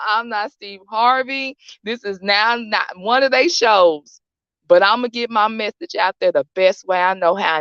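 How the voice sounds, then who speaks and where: A woman's voice: fairly low pitch, vocal fry, no echo, dull audio. A woman in her late thirties hosting her own show, giving a rambling, repetitive, heartfelt motivational talk. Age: late 30s. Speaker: show host.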